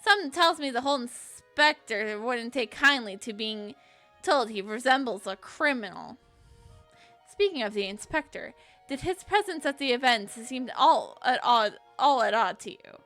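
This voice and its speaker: A woman voicing a calm, polite English gentleman professor from a game, speaking in a measured, formal way. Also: on the high side, faint music behind. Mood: courteous.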